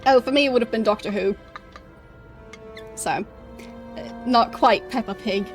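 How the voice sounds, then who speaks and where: A young woman streaming a game, chatting casually in English, which is not her first language, with frequent laughs and halting restarts. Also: fairly high pitch, soft background music. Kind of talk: casual gameplay commentary.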